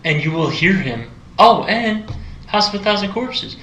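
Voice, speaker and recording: Bright, skeptical man in an echoey room. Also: sits high, animated, moderate pace, a little hiss or hum. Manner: skeptical, teasing. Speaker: podcast co-host. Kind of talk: casual chat.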